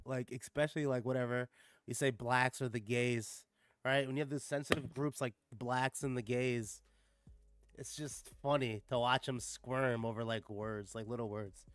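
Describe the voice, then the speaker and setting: A man's voice: medium pitch, normal speed, dry recording. A man giving casual reaction commentary, sarcastic and profane, filling his talk with "like" and "bro.". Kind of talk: casual reaction commentary with read-aloud passages.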